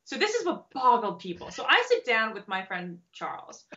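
A woman's voice: a little high, normal speed. A young woman chatting casually, telling stories with lots of fillers and laughter. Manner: chatty, laughs a lot, animated storytelling with many fillers. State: pregnant. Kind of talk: casual chat. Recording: dull lo-fi audio.

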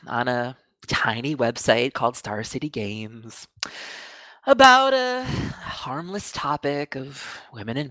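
A woman hosting a podcast panel chat, wry and lively as she tells a story. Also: a bass voice, no room sound. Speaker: podcast host.

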